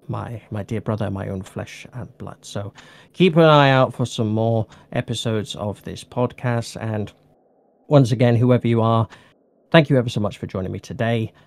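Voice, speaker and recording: A man's voice: on the low side, a little mellow. A man hosting a casual hobby podcast, rambling and correcting himself as he thanks his guest. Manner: rambling, self-correcting, jokey. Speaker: podcast host. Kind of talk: casual chat.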